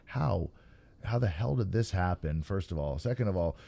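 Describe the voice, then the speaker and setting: A man hosting a podcast, giving relaxed, opinionated takes in casual chat, with many fillers and stammered starts. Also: sits low, moderate pace, gravelly. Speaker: podcast host.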